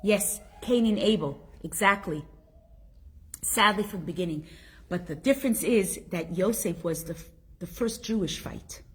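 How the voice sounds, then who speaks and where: A woman's voice: medium pitch, moderate pace, breathy edge. A middle-aged woman teaching a Torah class, telling stories emphatically and asking the listeners rhetorical questions. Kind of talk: spoken Torah lesson.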